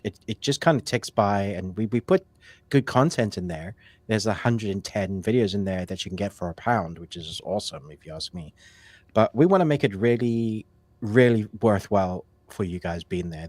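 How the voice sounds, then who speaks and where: A man with a lowish, slightly mellow voice co-hosts a live movie show from home, recorded with no echo. He chats casually and rambles, full of fillers, restarts and self-corrections.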